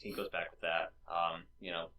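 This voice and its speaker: A man's voice: low-pitched, flat delivery, moderate pace, crowd noise. A man co-hosting a casual movie podcast, laid-back and agreeable, filling in with lots of "you know". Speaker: podcast co-host.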